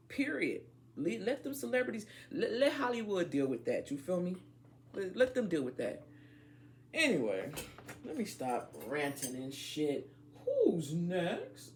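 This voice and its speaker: A tarot reader, a woman, talks to her viewers in blunt, profane slang. Her voice has a gravelly fry and swoops widely up and down in pitch as she goes off on tangents. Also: darkish tone, slight background noise. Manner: talks straight to viewers as y'all. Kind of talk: casual tarot reading chat.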